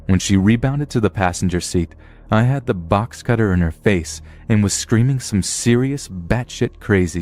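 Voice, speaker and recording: Deep-voiced man narrating a horror story. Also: darkish tone. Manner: blunt, profane storytelling.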